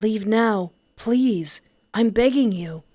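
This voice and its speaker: A woman's voice: medium pitch, slow pace, mellow, no room sound. Woman reading as a clingy, obsessive young man. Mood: pleading. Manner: pleading, clingy. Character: obsessive, doting young man, a college student. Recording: background music under voice.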